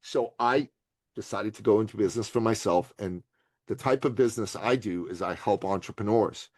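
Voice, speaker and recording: A middle-aged man from Iran, telling stories in an interview with lively delivery, acting out other people's voices and laughing often. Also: lowish voice, fairly quick, dry recording. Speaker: podcast guest, entrepreneur. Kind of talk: animated storytelling interview.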